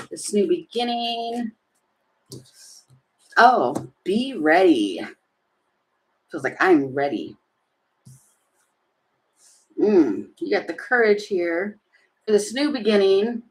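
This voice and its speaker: A woman's voice: medium pitch, background noise. A woman giving a casual tarot reading, chatty and giggly, thinking aloud as she turns the cards. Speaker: tarot reader.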